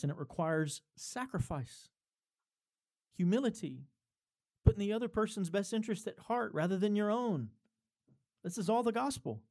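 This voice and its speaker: A man's voice: sits high, warm tone. A man preaching a sermon in a conversational way, building up to emphatic points and chuckling between them. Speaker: pastor.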